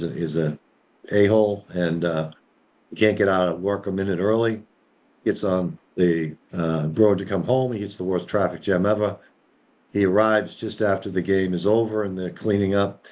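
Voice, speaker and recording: A deep-voiced man takes part in a casual group chat. He rambles, leans heavily on fillers and drifts into telling a story. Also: darkish tone. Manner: rambling, full of fillers, tells stories.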